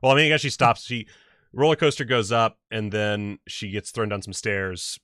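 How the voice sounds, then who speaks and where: A man's voice: on the low side, moderate pace, fairly bright tone, dry recording, clean studio sound. A man chatting casually about a film, rambling and profane, drifting off on tangents. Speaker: podcast host. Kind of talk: casual movie chat.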